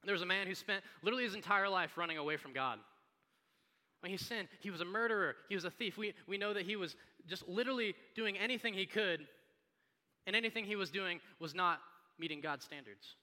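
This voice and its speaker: A man, a pastor, preaching a sermon in a conversational, animated storytelling manner. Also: sits high, fairly quick. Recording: long hall reverb.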